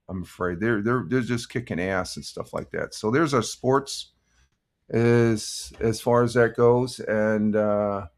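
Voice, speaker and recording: An older man hosting a casual morning live stream, rambling through sports results and greeting viewers in the chat with many fillers. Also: medium pitch. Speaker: livestream host.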